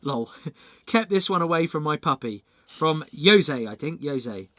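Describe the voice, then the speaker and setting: A man's voice: a little high, expressive, a little slow, fairly bright tone, no room sound. Upbeat man reading out viewer mail. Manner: chatty, reads letters aloud with thanks. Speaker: channel host.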